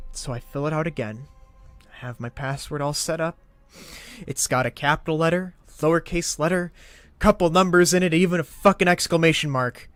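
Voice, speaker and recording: A man telling a comic story as a profane, exasperated rant that swings between loud outbursts and muttered asides. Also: on the high side, dry recording. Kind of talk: comedic ranting story.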